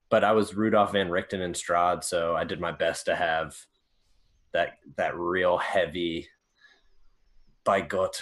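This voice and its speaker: A man guest talking thoughtfully about his game voices, slow and full of fillers. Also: sits low, fairly bright tone. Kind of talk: casual chat.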